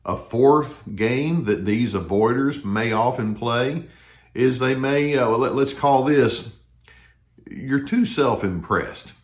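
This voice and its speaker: An older man, a therapist, talking to camera in a conversational way and acting out quoted lines in a higher voice. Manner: conversational, acts out quoted voices with rising pitch. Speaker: therapist giving a talk. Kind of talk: explanatory talk to camera.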